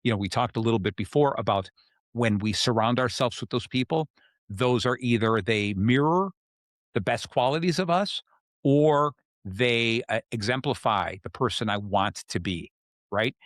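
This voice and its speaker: A man's voice: medium pitch, no echo, clean studio sound. A man hosting a self-help podcast, explaining ideas in a casual way and often checking in with "okay?". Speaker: podcast host.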